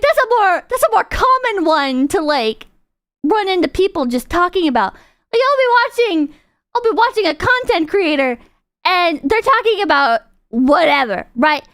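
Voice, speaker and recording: A woman's voice: very high voice, a bit bright, no room sound, clean studio sound. A woman streamer chatting casually while reacting to videos, rambling through tangents, cursing freely and laughing often.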